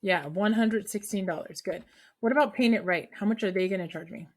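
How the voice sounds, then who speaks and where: A woman teaches a math class in a lively, chatty way. She explains each step aloud and keeps checking in with the students. Her voice sits at an everyday middle pitch. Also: fairly quick. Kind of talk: classroom lesson.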